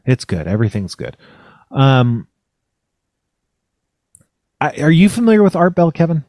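A man's voice: on the high side, big pitch swings, measured pace, a little mellow, no echo. Rambling man on a dry video call. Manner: rambling, full of hesitations and filler words. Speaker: podcast co-host. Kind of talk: casual conversational chat.

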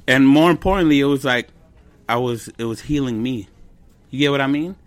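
Man, twenties, comedian podcast guest, animated storytelling, slang and Spanish bits, medium pitch. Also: fairly quick. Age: 20s. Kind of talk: casual podcast chat.

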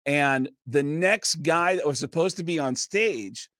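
A comedian guest in a podcast studio telling a long story in a lively, casual way, acting out the people in it. His voice sits a bit high and sounds dry and close. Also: unhurried, dry recording. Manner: lively, acts out voices, lots of fillers.

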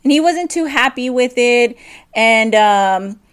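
A woman's voice: fairly high pitch, expressive, slow pace. A woman hosting her own podcast, talking candidly in a personal monologue, rambling and restarting her sentences as she goes. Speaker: podcast host.

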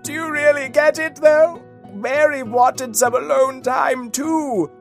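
A podcast host voicing a boastful, bumbling male wizard in an improvised kids' story, giggling and shouting spells. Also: high voice, takes it slowly, faint music behind, pitched above the performer's own voice. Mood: defensive.

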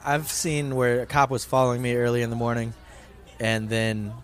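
A man in casual conversation, speaking in a laid-back, halting way. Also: mid-range voice, little pitch movement. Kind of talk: casual chat.

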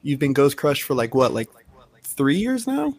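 A man's voice: mid-range voice, big pitch swings, normal speed, darkish tone, dry recording. Hyped, slangy podcast host man. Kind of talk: casual interview chat.

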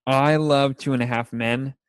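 A young man chats casually about his favorite TV shows, rambling, laughing often, and acting out scenes. His voice is medium in pitch, steady in tone, clear and resonant, at a moderate pace, with no room sound.

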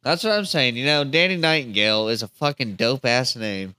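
A man's voice: mid-range voice, a little fast, sharp tone, smooth, no echo, faint music behind. A man co-hosting a podcast, telling rambling, profane stories in casual chat. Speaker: podcast co-host.

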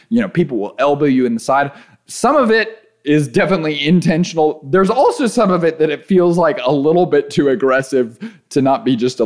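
A man recounts a personal story in a relaxed, conversational way. His voice sits in an ordinary middle range but swings widely, rising when he is excited and settling low and quiet when calm. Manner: animated, voice rising as he relives panic, then calm and low. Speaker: endurance athlete telling a race story. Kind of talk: casual storytelling.

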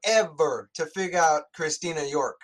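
A man casually and profanely retelling a movie plot in animated chat. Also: fairly high pitch, moderate pace, crowd noise.

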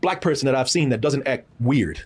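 A man's voice: medium pitch, fairly quick, husky, faint music behind. A man telling a story in a casual podcast chat, acting out the voices of the people in it. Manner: animated, acts out voices in his story. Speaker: podcast co-host.

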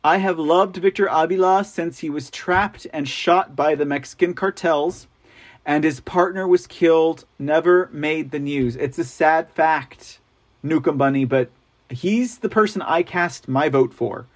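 A man's voice: on the high side, a little slow. A man hosting a live online news show, chatting casually and reading out viewer comments with frequent laughs. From Texas. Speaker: livestream news show host. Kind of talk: casual live-chat talk.

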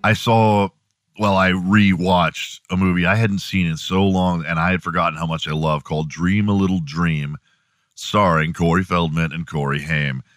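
A man's voice: low voice, fairly bright tone, dry recording, clean studio sound. A man hosting a morning show, delivering a profane, sarcastic comedic rant.

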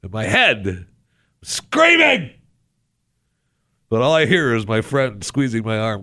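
A male radio host ranting sarcastically in a talk show monologue, with loud exasperated bursts. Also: mid-range voice, very animated, slow pace, long pauses, no room sound.

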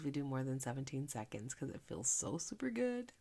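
A woman from Philadelphia hosting a devotional podcast, talking in a chatty, earnest way and dropping to a soft hush when she gives thanks in prayer. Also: a bass voice, very animated, fairly quick, few pauses. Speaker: faith podcast host and minister. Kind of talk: casual devotional podcast talk.

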